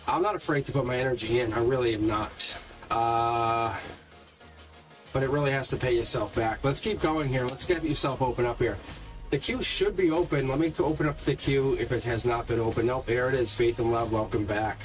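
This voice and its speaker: A man's voice: mid-range voice, a little fast. A man hosting a live tarot reading stream, chatting casually and rambling with lots of fillers and self-deprecating asides. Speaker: tarot reader hosting a livestream. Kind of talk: casual livestream chat. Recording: music playing clearly behind the voice.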